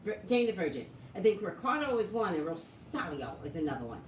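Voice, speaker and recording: A woman's voice: lowish voice, brisk. Chatty woman vlogger, voice swings up and down a lot, echoey room, kinda far from the mic, noisy. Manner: chatty, animated, asks viewers questions. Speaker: psychic vlogger. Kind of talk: casual talk to viewers. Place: home room with an open door.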